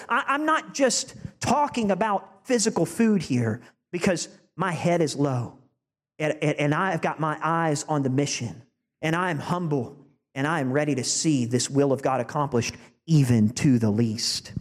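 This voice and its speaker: A male preacher delivering a sermon, animated and emphatic, building to forceful peaks. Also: on the high side, normal speed. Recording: long church-hall reverb.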